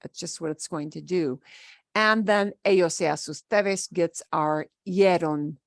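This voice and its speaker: A woman's voice: on the low side, unhurried, vocal fry, no room sound, studio quality. A woman teaching a Spanish grammar class, explaining patiently in a casual, repetitive way and spelling words out letter by letter. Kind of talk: online class lecture.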